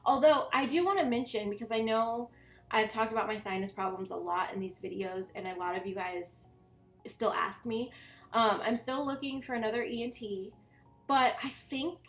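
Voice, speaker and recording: A woman's voice: on the high side, fairly bright tone, roomy sound. A young woman vlogger chatting casually in a voiceover, congested and a bit nasal, rambling with lots of fillers.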